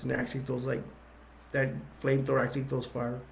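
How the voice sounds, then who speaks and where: A man's voice: medium pitch, monotone, quick pace, gravelly, slight background noise. A man casually retelling a movie plot as a reviewer, rambling with lots of fillers and restarts.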